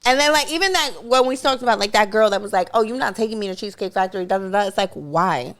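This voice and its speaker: A woman's voice: medium pitch, fast, a bit bright. A woman co-hosting a podcast in casual chat, frank and teasing, with crude talk. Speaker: podcast co-host.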